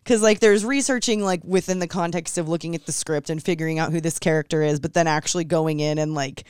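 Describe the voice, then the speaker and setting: A podcast host who laughs easily and keeps a relaxed, chatty interview going. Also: medium pitch, fast talker, clear, resonant tone, no echo, clean studio sound.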